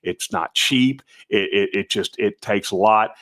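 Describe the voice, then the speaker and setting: A man with a slightly raspy voice hosting a live stream, talking in a folksy, rambling way and often restarting his sentences. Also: lowish voice, a little slow, a bit bright. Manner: folksy and rambling, with many restarts, calling viewers brother and guys. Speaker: host of a Santa performer show. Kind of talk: casual live-stream chat.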